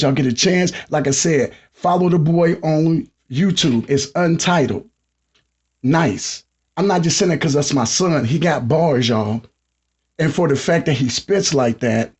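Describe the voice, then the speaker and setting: A middle-aged man hosting a podcast, talking casually and hyping up listeners with repeated shout-outs. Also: fairly high pitch, breathy edge. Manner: hyped, repetitive shout-outs to the audience. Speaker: podcast host.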